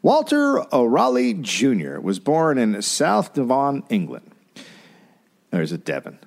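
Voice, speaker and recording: A man hosting a comedic history podcast, telling the story in a joking, animated way. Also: mid-range voice, slow, vocal fry. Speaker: podcast host.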